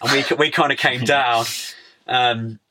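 A man's voice: mid-range voice, steady tone, moderate pace, bright, forceful tone. A young man chatting casually as a podcast guest, laid-back, full of slang and "mate". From United Kingdom. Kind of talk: casual interview chat.

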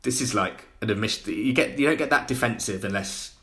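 A man, a podcast guest telling a story in a lively way and acting out other people's voices. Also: on the low side, fairly quick, a little hiss or hum. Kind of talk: casual anecdote telling.

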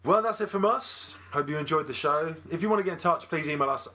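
A man co-hosting a casual movie podcast, chatty and quick to laugh, with jokey asides. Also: fairly high pitch, bright, forceful tone, a little hiss or hum. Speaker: podcast co-host.

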